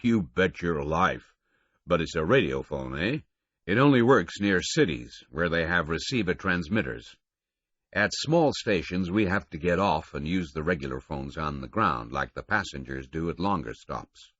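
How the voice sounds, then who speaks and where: An ironic, easygoing middle-aged train conductor who drawls and keeps ending his sentences with a questioning "eh", read by a man. The voice is low and husky. The audiobook sound is dry and a bit dull. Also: lively intonation, a bit bright, dry recording. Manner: drawn-out, wry, ends statements with a questioning "eh".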